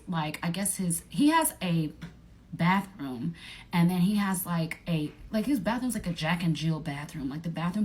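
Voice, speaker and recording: A young woman, telling a profane storytime vlog in an animated way and acting out her friends' voices. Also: on the low side. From Atlanta area, United States.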